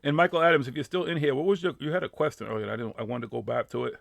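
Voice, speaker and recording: A man's voice: mid-range voice, racing, gravelly, dry recording, clean studio sound. A man with a Boston accent hosting a live radio talk show, chatting casually, swearing a lot and laughing often. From Boston area. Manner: profane, animated, laughing often.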